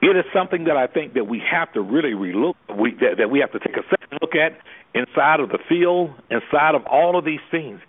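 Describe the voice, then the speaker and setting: A man's voice: on the high side, expressive, brisk, breathy edge. A man who works as an anger management specialist, speaking with preacher-like fervor and throwing out rhetorical questions. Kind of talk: impassioned talk on a call-in discussion. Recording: tinny phone line.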